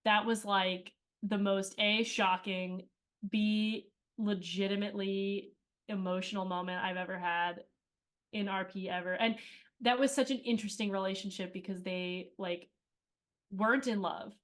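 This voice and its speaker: Woman guest, chatty and rambling, mid pitch, casual interview talk. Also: fairly even intonation, a little slow. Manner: chatty, rambling storyteller with many fillers. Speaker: cast member being interviewed.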